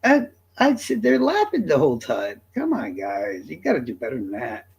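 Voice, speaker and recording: A man's voice: a little high, wildly swooping pitch, moderate pace, gravelly, husky. A man streamer from the American South, delivering a profane, combative rant straight at his chat. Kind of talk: ranting livestream monologue.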